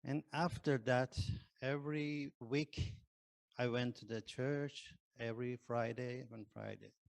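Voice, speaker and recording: A man who is not a native English speaker, telling his conversion testimony in hesitant English full of pauses and fillers. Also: mid-range voice, steady tone, gravelly, dry recording. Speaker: ex-Muslim convert giving testimony. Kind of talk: personal testimony.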